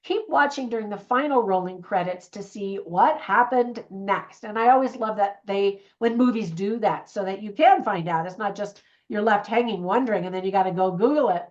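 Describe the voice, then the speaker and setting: A woman's voice: medium pitch, moderate pace, hardly any pauses, a little mellow. Chatty woman reviewing movies, lo-fi sound. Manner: chatty, earnest, with fillers and restarts. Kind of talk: casual spoken movie review.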